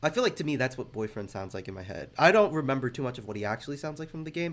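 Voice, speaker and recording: A man's voice: medium pitch, very animated, rapid-fire. A man casually commenting on videos in a rambling, hesitant way, laughing often, with music playing behind him. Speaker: reaction video host.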